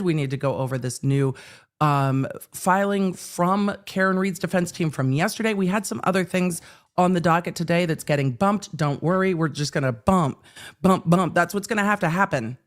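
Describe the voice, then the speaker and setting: Hoarse and a bit under the weather, a woman in her 40s from California runs a legal commentary live stream in a voice that sits low. She's chatty and animated and repeats points for emphasis.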